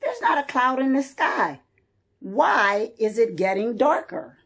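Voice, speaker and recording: A woman's voice: on the high side, sing-song, slow, full character voice. A woman voicing a worried hen who hurries to warn the other farm animals, sounding urgent and fussing. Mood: alarmed. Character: worried hen spreading alarm.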